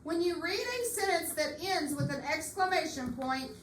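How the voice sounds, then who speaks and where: A woman teacher leading a reading lesson in a classroom, patient and slow, repeating her questions. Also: very high-pitched, lively intonation. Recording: echoey classroom, far mic, faint hiss.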